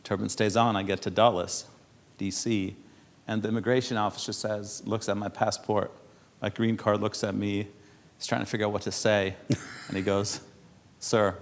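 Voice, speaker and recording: A man with a lowish voice who grew up in Europe speaks to an audience. He tells stories casually, laughing often and restarting his words. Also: flat delivery, moderate pace. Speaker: speaker at a public panel. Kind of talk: conversational speech to an audience.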